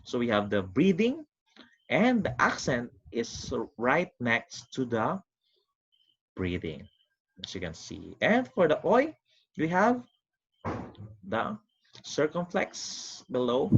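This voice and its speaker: A man teaching a recorded online lesson, explaining step by step with quick recaps in an animated, sing-song way. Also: medium pitch, breathy edge. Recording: dull lo-fi recording.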